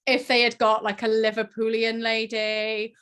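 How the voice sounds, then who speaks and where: A woman's voice: a little high, normal speed, clean tone. Chatty Southwest English woman. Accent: Southwest English (Plymouth). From England. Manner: chatty, animated, laughing asides. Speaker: podcast host. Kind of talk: casual chat.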